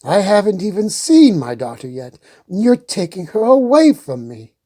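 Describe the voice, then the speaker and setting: Woman playing a worried fatherly old king, measured, kinda pleading. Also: mid-range voice, big pitch swings, warm tone, pitched above the performer's own voice.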